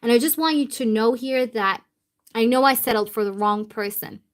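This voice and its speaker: A woman's voice: fairly high pitch, moderate pace. A woman tarot reader speaking channeled messages in the first person, repetitive and emphatic, with casual swearing.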